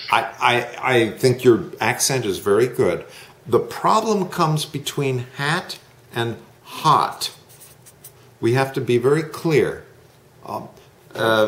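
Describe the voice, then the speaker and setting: A male English teacher speaking slowly and patiently, drawing out each vowel as he models it. His voice sits in a middle pitch range. It rings in an echoey room. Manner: slow, patient, drawn-out modelling of sounds. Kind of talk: online one-to-one lesson.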